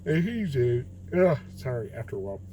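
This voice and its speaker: A man's voice: medium pitch, big pitch swings, brisk, mellow, a little hiss or hum, low-quality recording. A man reading Bible verses aloud and then reflecting on them in a plain, candid way, sitting in his car. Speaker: host of a daily Bible reading video. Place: in a car on a rainy night.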